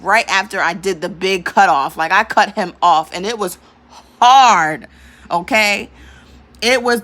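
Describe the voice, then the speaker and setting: A woman vlogging in a casual, storytelling rant, with a bright, forceful edge to her voice. She talks animatedly, breaks into laughter often and curses without holding back. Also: mid-range voice. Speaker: spiritual vlogger.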